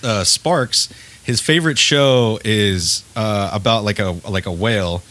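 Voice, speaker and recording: A man, a podcast guest, telling stories in casual chat, animated and laughing. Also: lowish voice, a little slow.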